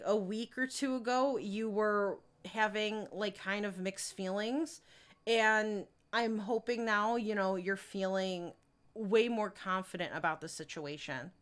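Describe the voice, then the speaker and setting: A young woman streaming a life-sim game, chatting casually and reading viewer messages with lots of fillers and giggles. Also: medium pitch. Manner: chatty, reads chat aloud, many fillers and giggles. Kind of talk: casual gameplay commentary.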